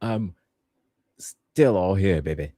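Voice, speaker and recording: A man's voice: low-pitched, animated, slow pace, dark tone, dry recording, clean studio sound. A man hosting a podcast, reviewing a show in casual, joking chat. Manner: playful, joking, laughs a lot. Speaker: podcast host.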